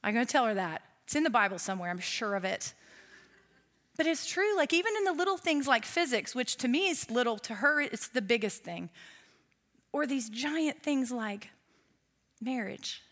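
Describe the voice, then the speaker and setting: A woman's voice: fairly high pitch, expressive, normal speed, fairly bright tone. A woman, giving a casual, humorous sermon with asides to the audience. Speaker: Bible teacher.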